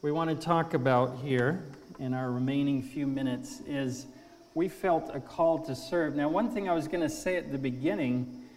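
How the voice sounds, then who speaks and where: A man in his fifties giving an earnest testimony talk at a conference, halting with restarts. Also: fairly high pitch, a little mellow. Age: 50s. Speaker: speaker at a conference. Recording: long hall reverb.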